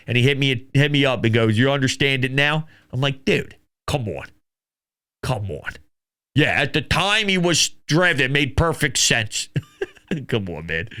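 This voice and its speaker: A man hosting a casual sports talk show, taking calls and rambling excitably. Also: a little high, clean tone. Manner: excitable, laughing, rambling with restarts. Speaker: sports podcast host.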